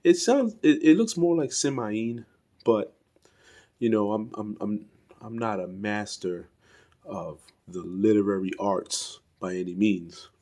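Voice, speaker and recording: A man with a lowish, mellow voice talks through an action figure review off the cuff. He hesitates constantly, repeats himself and apologizes for mangling names. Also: expressive, a little slow. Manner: rambling, hesitant, many fillers and restarts; self-deprecating, fumbles pronouncing names. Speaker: toy reviewer. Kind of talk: casual unscripted toy review.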